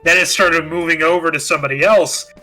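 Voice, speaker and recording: Very bright-voiced man chatting casually. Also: a little high, fairly even intonation, brisk, faint music behind, low-quality recording. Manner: chatty, laughing, recalls details with hesitations. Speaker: podcast co-host. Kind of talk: casual movie review chat.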